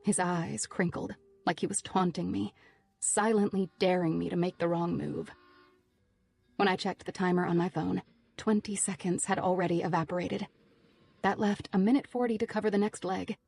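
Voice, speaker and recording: A woman's voice: lowish voice, steady tone, normal speed, vocal fry, a little mellow. A woman narrating a thriller audiobook in the first person, tense and driven.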